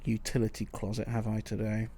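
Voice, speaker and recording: A man's voice: lowish voice, monotone, brisk, dark tone, husky. A man streaming a video game, thinking aloud in casual, muttered commentary.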